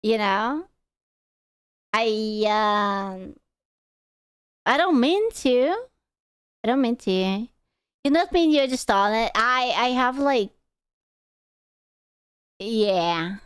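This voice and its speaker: Brief: streamer woman, crisp and dry, crude teasing banter. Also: on the high side, expressive, extremely slow, pauses often, no echo. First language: Hungarian. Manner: crude, teasing, swears freely. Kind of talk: casual stream chat.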